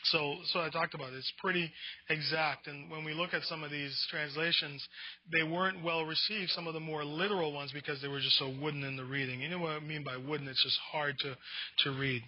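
A man's voice: on the high side, steady tone, brisk, dry recording. Man lecturing a Bible class, muffled. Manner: conversational, restarts words, reads definitions off slides.

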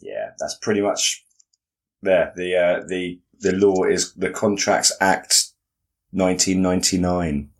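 Low-voiced British man, dry and teasing. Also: unhurried. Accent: British English. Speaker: podcast co-host. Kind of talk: casual chat.

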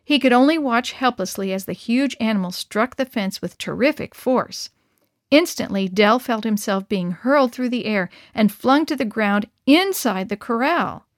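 A woman's voice: a little high, lively intonation, moderate pace, no echo, clean studio sound. A woman reading a children's story aloud, lifting into character voices for the dialogue.

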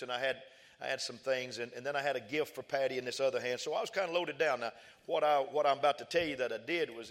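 Animated preacher man in a reverberant hall. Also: medium pitch. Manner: animated storytelling preacher, repeats phrases for emphasis. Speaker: pastor. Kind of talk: sermon with personal story.

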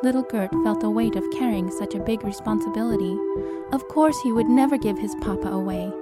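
A woman narrating an audiobook in a measured, expressive way. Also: medium pitch, over loud music. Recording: narration over film score.

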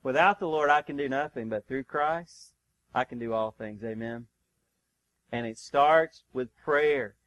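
A man preaching a sermon as pastor. He presses his congregation with questions, calls out "Amen?", and moves between urgent, loud stretches and hushed, slow ones. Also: medium pitch, no echo, rough recording. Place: church sanctuary.

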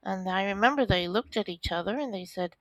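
A woman telling her own story in an interview, with lively, acted-out dialogue. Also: medium pitch, a little fast, no echo, low-quality recording. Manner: animated storytelling, acts out quoted dialogue. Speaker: interview guest. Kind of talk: recounting a personal story.

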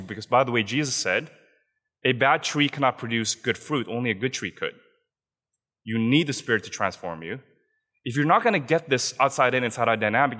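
A man's voice: mid-range voice, sharp tone. A young adult man preaching a sermon in an earnest, conversational way, often checking in with his listeners with "right?" asides. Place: church hall. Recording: long hall reverb.

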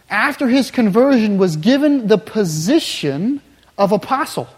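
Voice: medium pitch, darkish tone. Emphatic preacher, mid-range voice, builds with repetition; big reverberant hall. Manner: emphatic, builds with repeated phrases. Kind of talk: sermon.

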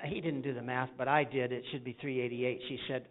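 A man's voice: medium pitch, fairly even intonation, brisk, phone-quality sound. A man preaching a sermon with call-and-response and folksy stories, from the United States. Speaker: pastor.

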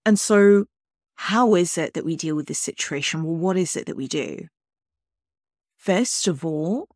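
A woman hosting a solo podcast, talking earnestly and directly to the listener in a calm way. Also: on the low side, no room sound, clean studio sound. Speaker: podcast host.

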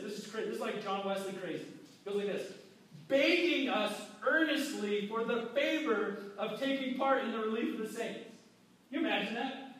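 A man preaching a sermon as pastor, talking casually and acting out quoted people. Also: sits high. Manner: conversational preaching, acts out quotes. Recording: echoey hall from far off.

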